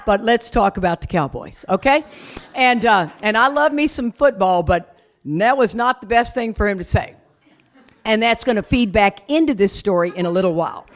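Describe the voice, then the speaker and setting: A middle-aged woman shares her recovery story at a retreat. She talks candidly, with self-deprecating humor, in a voice of ordinary pitch for a woman. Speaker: recovery speaker. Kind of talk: personal recovery talk.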